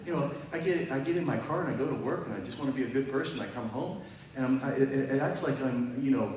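A man's voice: medium pitch, fast talker, a crowd in the background. A man preaching a testimony sermon at a church service, emphatic and conversational, often asking the audience questions. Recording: very echoey hall, mic far off.

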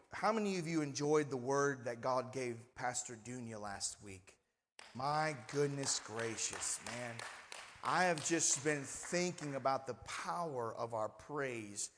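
A pastor with a medium-pitched voice delivers a sermon in a church sanctuary, the sound echoing as in a large room. He keeps it conversational and often invites answers from the congregation.

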